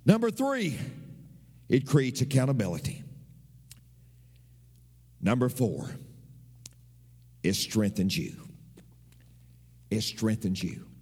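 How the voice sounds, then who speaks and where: A man's voice: lowish voice, sing-song, takes it slowly, pauses often, a little mellow, husky. A man preaching a sermon as a pastor, emphatic and repetitive, his voice swooping up and down. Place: church. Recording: long reverb of a church hall.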